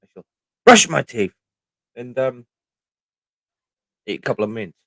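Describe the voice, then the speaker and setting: A man's voice: mid-range voice, very animated, unhurried, a bit bright, no room sound. A middle-aged man with a British accent, chatting casually on a livestream, rambling and swearing freely. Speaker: livestream host.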